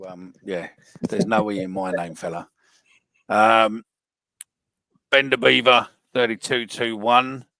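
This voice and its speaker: Blunt man, very low voice, dry close mic, podcast host reading fan predictions. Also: vocal fry, sharp tone, no room sound. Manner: blunt, swears freely. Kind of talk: casual football podcast chat.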